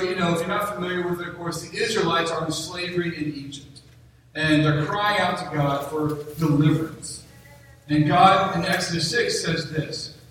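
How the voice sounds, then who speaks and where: A man preaching a sermon in a conversational way, slowing down to read scripture aloud. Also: fairly high pitch, fairly bright tone, a little hiss or hum. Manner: conversational, reads scripture slowly. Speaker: pastor. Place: church sanctuary. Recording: echoey hall, distant mic.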